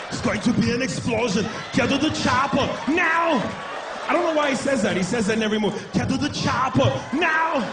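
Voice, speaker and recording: A man doing a stand-up comedy set on a club stage, brash and profane, breaking into shouted impressions. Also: high voice, background noise.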